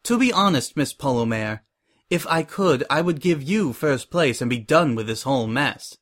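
A man's voice: mid-range voice, lively intonation, normal speed, fairly bright tone. A man voicing a professional female pony who runs a fashion show, formal and indifferent. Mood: weary.

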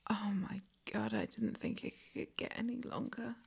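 A woman in a whispered role-play as a masseuse, talking in slow, teasing, breathy whispers. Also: a little high, steady tone.

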